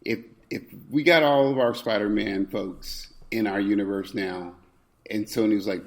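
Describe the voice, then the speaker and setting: A man guest-hosting a podcast in relaxed, casual chat. He talks in an animated way, stammering and repeating himself as he argues his point. He keeps it playful and teasing. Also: lowish voice, measured pace. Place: indoors, recording in person with co-host.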